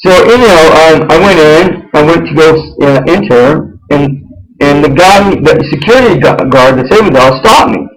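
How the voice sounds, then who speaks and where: Male host, slightly higher voice, loose and rambling storyteller who restarts his phrases. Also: lively intonation, moderate pace, rough recording. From United States. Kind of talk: casual personal storytelling on an internet radio show.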